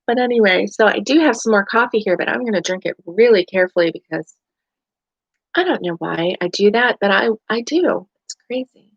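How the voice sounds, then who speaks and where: A woman's voice: medium pitch, expressive, brisk, husky, no echo. Tired, chatty woman on a dull, dry stream. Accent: Southern US. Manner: rambling, chatty, with many fillers and restarts. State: tired and yawning. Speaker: crochet livestream host. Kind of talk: casual live chat. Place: home.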